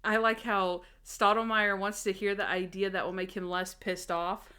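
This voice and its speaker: A woman's voice: medium pitch, level tone, moderate pace, bright, forceful tone, smooth. A young woman co-hosting a podcast, chatting casually about a TV episode, giggling and acting out characters' lines. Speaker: podcast co-host. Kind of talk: casual chat recapping a TV episode.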